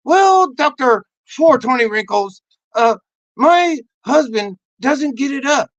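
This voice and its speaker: A man voicing a whiny wife complaining about her husband to a therapist, in a high put-on voice. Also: lively intonation, takes it slowly, a bit bright, dry recording, lo-fi sound, heavily acted.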